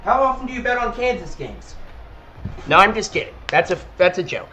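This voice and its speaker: A young man streaming a football video game, teasing his opponent with playful trash talk between quick play calls. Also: high-pitched, sing-song, pushed and bright, a little hiss or hum, rough recording. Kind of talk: casual gaming stream chat.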